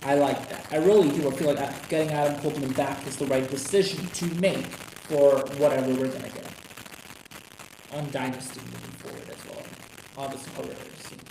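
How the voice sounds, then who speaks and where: Profane, excitable man ranting in an echoey room. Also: mid-range voice, fairly quick, vocal fry. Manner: profane, rambling, excitable outbursts. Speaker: wrestling commentary streamer. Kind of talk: casual live stream rant. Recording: echoey room with noisy background.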